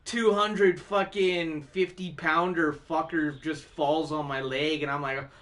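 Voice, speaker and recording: A man's voice: on the high side, fairly even intonation, slow pace, fairly bright tone. A man hosting a music stream who tells rambling stories in casual chat, laughing often and swearing a lot.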